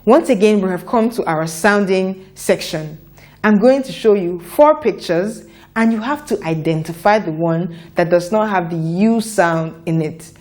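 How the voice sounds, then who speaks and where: A woman teaching a children's phonics lesson, sounding out letters and words slowly for young learners to repeat. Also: medium pitch, a little mellow. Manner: slow, deliberate, repeats sounds for children to echo.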